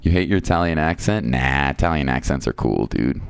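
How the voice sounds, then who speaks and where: A man's voice: a bass voice, lively intonation, brisk, creaky, smooth, dry recording. A man streaming a video game, chatting casually and reading viewer comments aloud. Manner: chatty, reads viewer chat aloud, reacts playfully.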